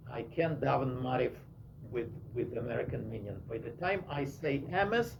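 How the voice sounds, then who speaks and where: A Russian-accented man tells stories in an unhurried, halting way, restarting sentences and hunting for the right word. His voice is gravelly and mid-pitched. The recording is muffled, with a faint hiss behind him. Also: lively intonation. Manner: halting, many restarts and searching for words. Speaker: speaker telling personal stories. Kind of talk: casual storytelling talk.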